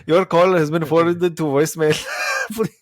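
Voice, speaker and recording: A man's voice: fairly high pitch, fairly even intonation, moderate pace, no echo, studio quality, pitched above the performer's own voice, close to an everyday voice. A man putting on an Indian accent to imitate a polite voicemail assistant. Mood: mocking. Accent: put-on Indian.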